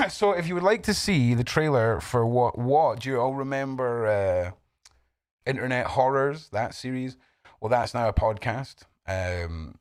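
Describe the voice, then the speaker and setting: A mid-range male voice hosts a casual livestream, greeting chat members one by one with blunt, profane talk. The sound is clean studio audio with no room sound and faint background music.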